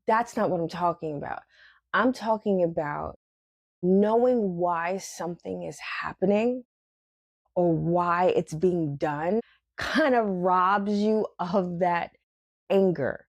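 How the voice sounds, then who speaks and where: A woman's voice: lowish voice, slow, dry recording. A woman hosting a podcast, speaking in a reflective spiritual monologue and acting out her inner voices with bursts of laughter. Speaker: podcast host.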